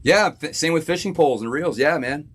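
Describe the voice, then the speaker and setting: A man from Florida, a musician hosting a live stream from his home studio, chatting casually with viewers, laid-back and quick to laugh. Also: on the high side, fairly bright tone, slight background noise.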